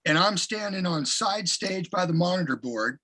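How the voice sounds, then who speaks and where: A middle-aged man, a singer, telling animated stories in a casual interview. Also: high-pitched, normal speed. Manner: animated anecdotes with profanity. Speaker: guest singer.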